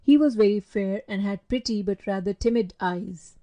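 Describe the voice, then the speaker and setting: A woman narrating a storybook in a measured, steady reading voice. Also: mid-range voice. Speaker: audiobook narrator. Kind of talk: audiobook reading.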